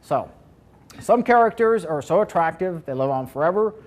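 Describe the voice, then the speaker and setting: A man's voice: a little high, expressive, moderate pace, darkish tone. A man presenting a marketing seminar to a live audience, talking conversationally and asking the room questions.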